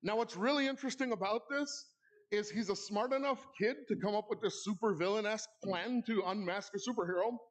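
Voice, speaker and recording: Guy hosting an awards night, pretty high voice, spinning a funny story with cheeky asides to the crowd. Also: brisk. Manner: playful, with wry asides to the audience. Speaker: awards ceremony host. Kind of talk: comedic storytelling monologue. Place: live event in a club hall.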